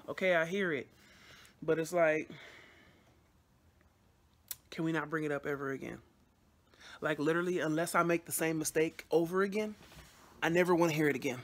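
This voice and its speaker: A woman vlogging casually, venting bluntly to her camera with frequent swearing and rambling restarts. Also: fairly low pitch.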